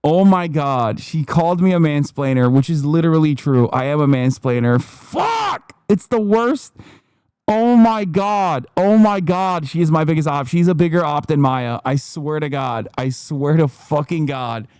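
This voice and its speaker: A man streaming live reaction commentary, loud and profane with animated outbursts. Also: a little high, moderate pace, few pauses, clear, resonant tone, dry recording, studio quality.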